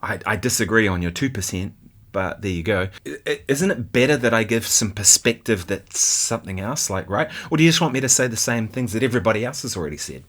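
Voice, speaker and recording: A man's voice: on the low side, lively intonation, fast talker, fairly bright tone. A man from New Zealand with a New Zealand accent, hosting a guitar channel and chatting casually about viewer comments, often laughing and asking "right?".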